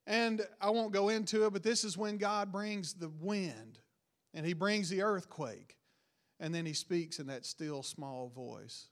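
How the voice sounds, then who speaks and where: A man preaching a sermon, retelling a Bible story with rising emphasis and quiet, dropped line endings. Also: high voice, measured pace.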